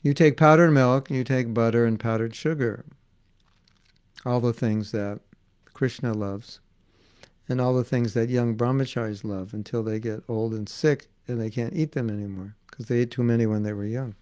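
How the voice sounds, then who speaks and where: A man's voice: medium pitch, fairly even intonation, moderate pace, darkish tone, clear, resonant tone. A man giving an informal devotional class, chatty and laughing as he tells stories and acts out the voices in them. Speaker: spiritual teacher giving a class.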